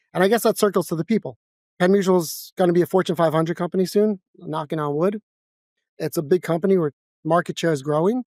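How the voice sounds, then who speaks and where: A man with a New York accent, a guest in a casual interview, talking fast and bluntly with lots of energy. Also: a little high, a little mellow, no echo, studio quality. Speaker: guest, financial advisor. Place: office.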